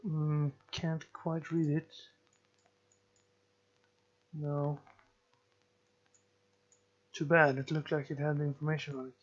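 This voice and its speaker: A man giving slow let's play commentary, musing and thinking aloud as he plays. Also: a little high, little pitch movement, dull audio. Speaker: gameplay commentator.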